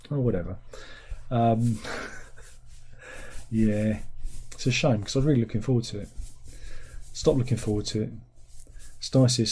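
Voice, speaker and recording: A man's voice: medium pitch, measured pace, long pauses, warm tone, slightly rough. A man hosting a casual film review, reading out viewer comments in a rambling, sardonic way with incredulous outbursts.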